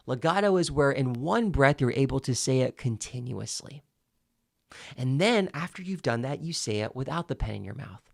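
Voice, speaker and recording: A man coaching viewers on clear speech, walking them through each exercise step by step. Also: medium pitch, lively intonation. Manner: demonstrative, slowly spelling out each step. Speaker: speaking coach. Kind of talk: instructional talk to camera.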